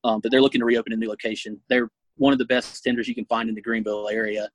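An earnest young man answers interview questions in a casual, halting way, pausing often with fillers as he thinks. His voice sits at an ordinary pitch for a man. The sound is dry and close, with no room around it. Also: little pitch movement, no echo, poor audio. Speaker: guest, food reviewer.

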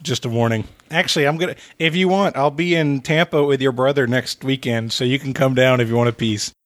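A man's voice: mid-range voice, a little fast, no echo. A man hosting a podcast, chatting casually and asking clarifying questions as a quiz contestant. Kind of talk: casual chat.

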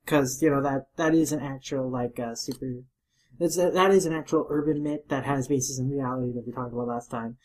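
A woman's voice: very deep voice, brisk, a little mellow. A woman co-hosting a podcast, giving dry, giggly commentary on manga chapters. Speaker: podcast co-host. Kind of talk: casual manga recap chat.

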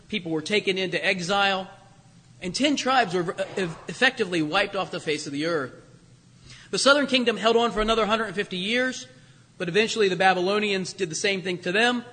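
A man's voice: high voice, bright, forceful tone, in a large hall. A man preaching a conversational sermon to his congregation, lifting his voice for emphasis. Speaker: pastor.

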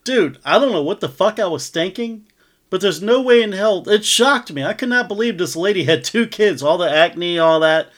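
A man on a casual podcast ranting with indignation, cursing freely and laughing through his complaints. His voice is pitched quite high for a man. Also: expressive, moderate pace, fairly bright tone. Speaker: podcast co-host. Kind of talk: casual profane chat.

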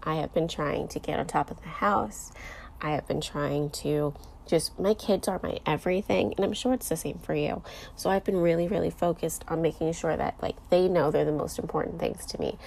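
Thirties woman, podcast host; low, fry-heavy voice; candid, teary personal monologue. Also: moderate pace, darkish tone. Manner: candid, emotional, with many fillers. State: close to tears.

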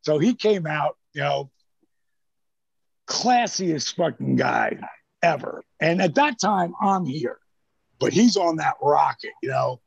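Older male storyteller with a husky voice, rambling and salty, recorded dry and a bit dull. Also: fairly high pitch, very animated, slow, no echo. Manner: rambling, profane, acts out quoted lines. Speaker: storyteller guest. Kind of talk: casual anecdotal storytelling.

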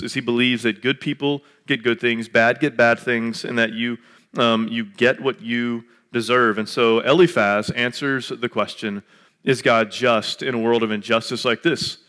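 A man in his late thirties gives a sermon in a loose, chatty way, joking and saying "uh" a lot. His voice is bright and forward, at an ordinary middle pitch. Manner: chatty and joking, lots of filler words. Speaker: pastor. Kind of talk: casual conversational sermon.

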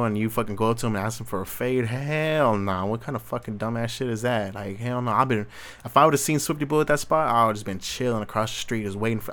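A man's voice: mid-range voice, a bit bright. A man hosting a solo podcast, ranting casually with blunt opinions, heavy street slang and constant swearing. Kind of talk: casual commentary rant.

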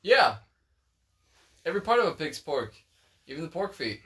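A man's voice: fairly high pitch, very animated, normal speed, pushed and bright. A young man hosting a casual podcast, rambling and swearing freely as he explains things. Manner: profane, rambling, laid-back. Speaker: podcast host.

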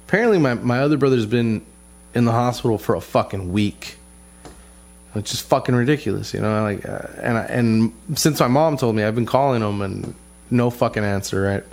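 A man's voice: medium pitch, a little fast, darkish tone. Male vlogger, frustrated rambling storyteller, profane and loose. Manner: profane, frustrated, rambling with many restarts and fillers. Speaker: vlogger telling a family story. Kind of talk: casual rambling monologue. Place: lives in Texas.

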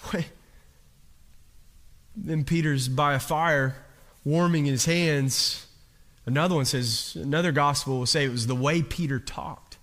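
A man preaching a sermon, telling the story dramatically and swinging between hushed and loud. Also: on the high side. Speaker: pastor. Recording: long hall reverb.

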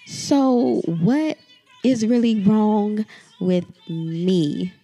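A woman's voice: medium pitch, lively intonation, very slow, mellow, faint music behind. Heated, profane woman venting on her podcast. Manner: addresses listeners directly. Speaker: podcast host. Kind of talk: emotional solo podcast monologue.

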